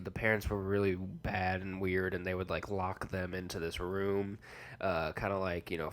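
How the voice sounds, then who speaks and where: A young man hosting a podcast, casually recapping a movie plot in a rambling, slangy way with lots of fillers and offhand quoted lines. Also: low-pitched. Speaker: podcast host.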